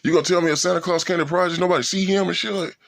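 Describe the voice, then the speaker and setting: A man's voice: sits high, fairly even intonation, racing, gravelly. A man in a casual, profane rant, swearing and sounding incredulous. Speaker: vlogger.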